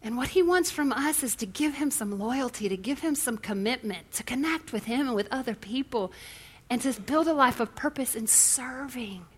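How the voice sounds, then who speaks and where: A woman preaching an animated, impassioned sermon that leans on storytelling. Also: sits high, normal speed, slightly rough.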